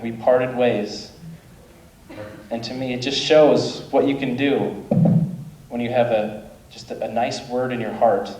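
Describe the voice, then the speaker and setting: Recorded from a distance in a roomy live club, a male stand-up comedian opens with a rambling, self-deprecating set. His medium-pitched, darkish voice is a little slow with long pauses and little pitch movement, amid audience laughter and ambient crowd noise.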